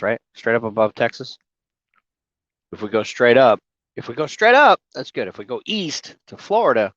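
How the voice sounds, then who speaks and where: Rambling, cussing trucker on a livestream. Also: male voice, mid-range voice, a bit bright, clear, resonant tone, no echo, dull audio. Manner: rambling, profane, talks to viewers by name. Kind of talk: casual livestream chat. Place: inside his truck cab. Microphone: phone.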